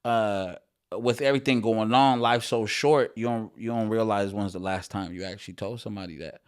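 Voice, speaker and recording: A man's voice: lowish voice, steady tone, normal speed, clean tone. A man, a rapper guest on a podcast, talking in a laid-back way with many fillers and some swearing. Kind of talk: casual podcast chat.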